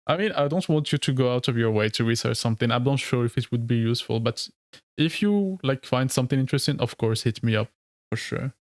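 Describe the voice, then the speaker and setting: A man's voice: medium pitch, fast, no room sound, clean studio sound. A man streaming live and chatting casually with viewers, rambling and laughing, with many fillers. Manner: rambling, heavy use of "like", frequent laughs. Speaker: streamer and lore video creator.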